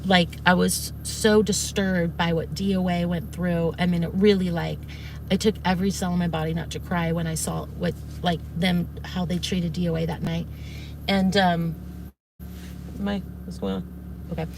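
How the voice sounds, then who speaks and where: A woman's voice: on the low side, little pitch movement, moderate pace, creaky, darkish tone, a little hiss or hum. Rambling woman telling a story. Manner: rambling, frequent restarts and fillers, swears when heated. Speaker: streamer recounting events. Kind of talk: casual storytelling to viewers.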